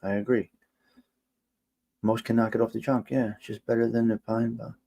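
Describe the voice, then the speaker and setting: Ungläubiger älterer Mann mit New Yorker Akzent. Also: male voice, little pitch movement, normal speed, gravelly, mellow. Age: older. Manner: exasperated, incredulous rants that jump high in pitch. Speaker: livestream host. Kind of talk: casual live-stream talk.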